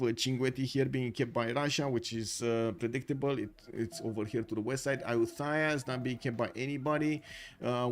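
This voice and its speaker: Chatty man casting a strategy game. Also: mid-range voice. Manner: chatty, thinks aloud, many fillers. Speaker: esports caster. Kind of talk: live game commentary.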